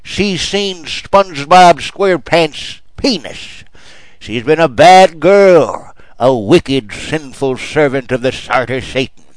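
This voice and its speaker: A man voicing a churchgoing mother who shouts from her pew in a high, shrill voice. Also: expressive, slow, no room sound. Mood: shrill outrage.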